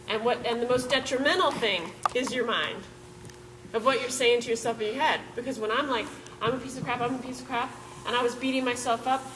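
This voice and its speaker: A woman giving an animated, chatty motivational talk to a group of listeners. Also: a little high, recorded from a distance, noisy background. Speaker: motivational speaker. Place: room full of listeners in a detention facility.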